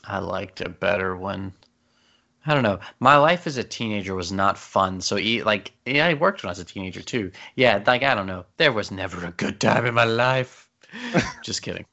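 Podcast co-host, male, casual rambler with self-deprecating jokes, gravelly and low. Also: animated, normal speed, bright, forceful tone. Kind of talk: casual chat. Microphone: close microphone. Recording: slightly dull lo-fi podcast audio.

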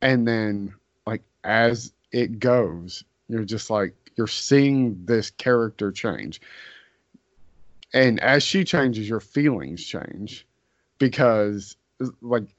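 A man in casual podcast chat, speaking slowly and deliberately. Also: on the low side, animated, no echo. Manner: slow, drawn-out and deliberate. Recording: dry, dull lo-fi sound.

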